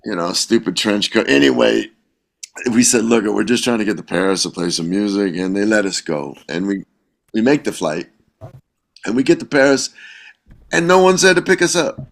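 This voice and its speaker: A man, a guest musician, telling a lively anecdote in casual conversation, acting out the people he quotes. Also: fairly low pitch, normal speed, vocal fry. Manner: animated anecdote-telling with laughs and quoted voices. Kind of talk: casual storytelling.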